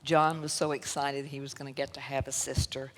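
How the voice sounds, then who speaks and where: In a church sanctuary full of long hall reverb, a Southern US woman gives a moving testimony as a guest speaker, mixing laughter and sorrow. She speaks fairly quickly in an extremely low, flat voice.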